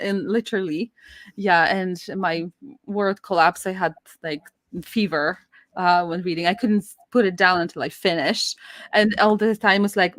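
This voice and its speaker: A woman guest telling a personal story in casual conversation, animated and laughing often, her voice jumping high when excited. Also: no echo, clean studio sound.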